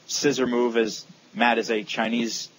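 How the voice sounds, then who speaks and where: A man's voice: mid-range voice, flat delivery, a little slow, slight background noise, rough recording. A young man co-hosting a casual gaming podcast, rambling with lots of fillers and teasing his friends. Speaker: podcast co-host.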